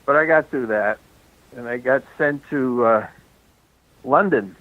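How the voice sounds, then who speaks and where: A man's voice: medium pitch, a little slow, dry recording. An older man, a film director, telling rambling anecdotes in a casual interview, chuckling and restarting his sentences, a bit out of breath as he walks around. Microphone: phone call. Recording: tinny dry phone line.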